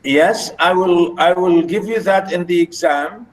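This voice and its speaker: Slow, halting male lecturer. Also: high voice, low-quality recording. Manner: slow, halting delivery with frequent fillers, chanting rhythms aloud. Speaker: literature lecturer. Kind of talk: university lecture.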